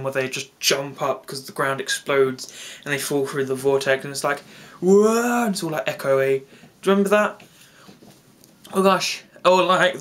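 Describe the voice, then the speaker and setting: Man, casual reaction vlog, excitable, rambling asides. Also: on the high side. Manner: excitable and gushing, with quick asides and restarts. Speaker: reaction video host.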